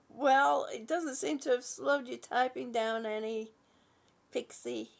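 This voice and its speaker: Woman, high voice, some vocal fry, casual live chat host, greets viewers, yawning, rambling. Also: steady tone, takes it slowly. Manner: chatty, warm greetings, yawning, laughing, losing her train of thought. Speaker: livestream host. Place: home.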